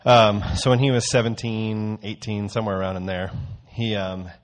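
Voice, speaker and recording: A man's voice: fairly low pitch, level tone, moderate pace. A man giving a casual, conversational sermon, telling a story before teaching. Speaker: church teacher.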